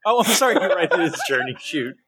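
A married man hosting a tabletop game podcast, reading the outro and then chatting with his players, laughing often and quick to apologize. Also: on the high side, very animated, a bit bright. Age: adult, married. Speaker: game master and show host.

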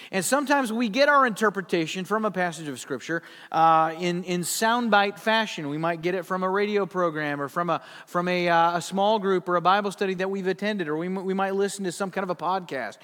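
High-voiced pastor in an echoing hall. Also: male voice, a bit bright. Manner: conversational, humorous storytelling. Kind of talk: sermon. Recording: long hall reverb.

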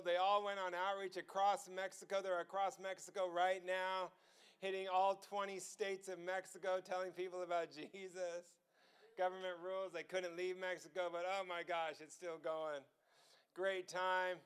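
A man preaching a testimony sermon, telling a story with frequent laughter and excitement. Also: high voice, normal speed, clean tone.

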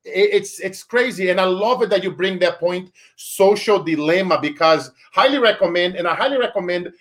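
A man hosting a podcast interview, chatting casually with animated, slangy talk and recommending things to his listeners. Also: sits high, normal speed. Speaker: podcast host.

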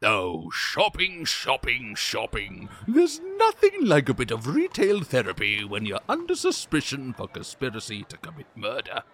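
A man's voice: medium pitch, huge pitch swings, moderate pace, few pauses. A man doing a vain, fussy duke. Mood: flustered. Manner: fussy, flustered, dismissive. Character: vain, cowardly English duke, fussy and shifty.

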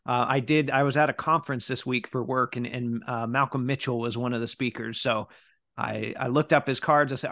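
A man's voice: medium pitch, fairly quick, gravelly. A man hosting a podcast, casually reading out listener questions and chatting about his week. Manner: relaxed, reads listener questions aloud. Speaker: podcast host.

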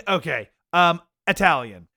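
A man's voice: on the high side, expressive, takes it slowly, vocal fry, pushed and bright, no room sound, clean studio sound. A young man co-hosting a film podcast, chatting casually and animatedly, laughing often. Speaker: podcast co-host. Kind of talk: casual chat.

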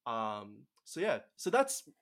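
A man's voice: medium pitch, huge pitch swings, slow pace, fairly bright tone. A young man from Australia with an Australian accent, telling a story as a guest in casual conversation, chatty with many fillers.

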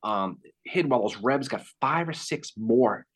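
A man hosting a podcast, telling a Civil War battle story in a casual, animated way. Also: medium pitch, a little slow, slightly rough. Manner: animated, acts out quotes. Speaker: podcast host.

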